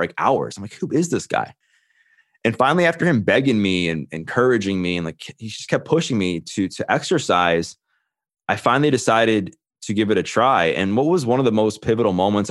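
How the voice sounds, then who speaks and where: A man's voice: fairly low pitch, no room sound, studio quality. A man in his thirties, a podcast guest, telling his own story earnestly and quoting the people in it. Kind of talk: candid storytelling.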